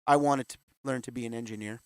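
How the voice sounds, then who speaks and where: A man's voice: medium pitch, steady tone, fast talker, no room sound. A man in his fifties, a guest in an interview, telling his story candidly and acting out the voices of the people he quotes. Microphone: video call.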